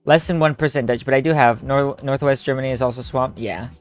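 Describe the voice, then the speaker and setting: A man's voice: mid-range voice, fairly even intonation, fairly quick. A young man streaming a story game with friends, joking, laughing and rambling in casual chat. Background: faint game music.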